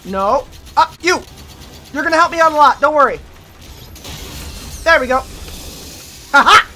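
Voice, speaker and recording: A woman streamer talks through her gameplay in a high, very bright voice. She is excitable, yelling at enemies, swearing when hit and cheering when they fall. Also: a little slow, slight background noise. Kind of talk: live gameplay commentary.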